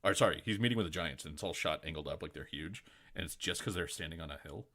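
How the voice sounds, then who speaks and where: A man's voice: sits low, fast, bright, forceful tone. A man running a tabletop game as game master, chatty and rambling, laughing often.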